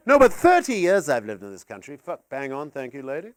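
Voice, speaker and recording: A Canadian man performing stand-up comedy on stage, animated and swearing, slipping into silly voices. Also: medium pitch, a little fast, dry recording, some chatter behind.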